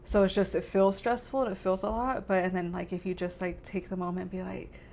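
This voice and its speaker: A woman's voice: mid-range voice, little pitch movement, a little fast, creaky, a little mellow, slight background noise. A young woman hosting a casual podcast, rambling with many fillers and fighting back tears. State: tearful. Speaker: podcast host. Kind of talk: casual chat.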